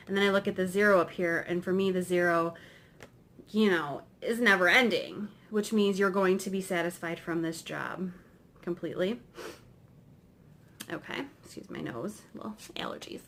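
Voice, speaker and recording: A woman's voice: fairly low pitch, moderate pace, fairly bright tone, a little hiss or hum. A woman tarot reader explaining cards in a chatty, rambling way, often adding "right?". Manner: chatty, rambling, tag questions. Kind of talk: casual explanatory lesson.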